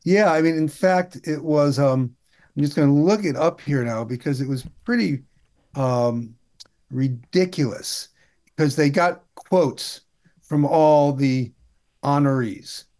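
A man talking politics in a casual chat, wry and halting, with many restarts. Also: a little high, darkish tone.

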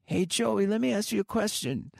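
A man in his thirties doing a rough impression of a gruff, fatherly older rock star. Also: high voice, sing-song, fairly quick, darkish tone, dry recording, clean studio sound, heavily acted. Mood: wary. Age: 30s. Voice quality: rough imitation of a famous singer's accent.

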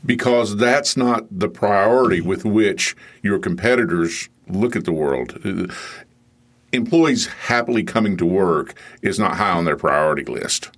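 A man hosting a podcast and asking measured, appreciative questions of his guest. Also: low voice, animated. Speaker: podcast host. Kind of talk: interview questions.

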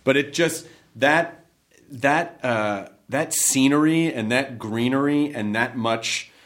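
A man hosting an interview, chatting in a playful, animated way with quick asides. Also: mid-range voice. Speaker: interview host. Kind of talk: casual interview chat.

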